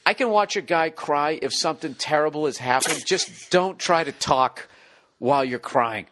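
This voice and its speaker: A man in his forties with a Boston accent, hosting a casual comedic podcast chat, profane and quick to laugh. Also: a little high. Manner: animated, profane storytelling with bursts of laughter. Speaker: podcast host.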